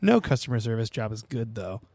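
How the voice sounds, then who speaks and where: A man's voice: on the low side, brisk. A young adult man co-hosting a podcast, telling stories in casual chat with lots of cursing and animation. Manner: profane, animated storytelling. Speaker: podcast co-host.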